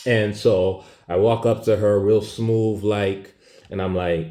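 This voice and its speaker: A man's voice: on the low side, fairly even intonation, slow, mellow. A man telling a story as a profane, sarcastic rant, in an echoey room.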